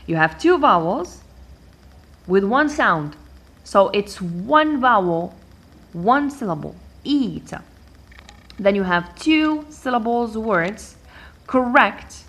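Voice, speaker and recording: A woman gives an English lesson in a patient, repetitive way. Her pitch sits in a middle range, and she says each example word several times. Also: a bit bright. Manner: patient and repetitive, switching between English, Arabic and French. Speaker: English teacher. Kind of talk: language lesson explaining word stress.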